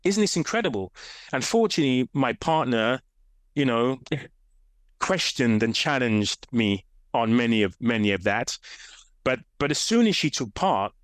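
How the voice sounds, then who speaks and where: Speaking a little slowly in a mid-range voice, a grown man tells stories as a fitness coach guest in a casual interview. He's an animated storyteller who acts out the voices in his quotes, and the recording is dry with clean studio sound.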